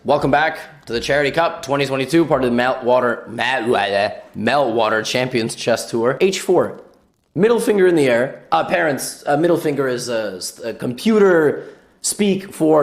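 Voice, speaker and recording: Man, chess commentator, sarcastic, excitable, very lively pitch, mid-range voice. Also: a little fast. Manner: excitable, shrieking with disbelief and laughter at blunders; teasing, sarcastic. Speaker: chess commentator and channel host.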